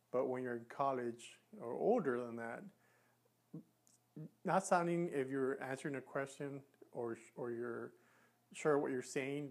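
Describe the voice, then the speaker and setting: A man coaching An earnest man explains habits and how to fix them, talking straight to the camera in a plain, mid-pitched voice. He often breaks off and restarts his sentences as he demonstrates. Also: creaky. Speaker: communication coach. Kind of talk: instructional talk to camera.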